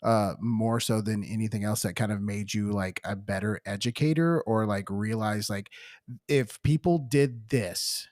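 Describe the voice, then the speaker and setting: Male podcast host, low-ish pitch, loose rambling questioner, dry mic. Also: a little slow, darkish tone, dry recording. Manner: rambling questions full of "like" and restarts. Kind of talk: casual interview.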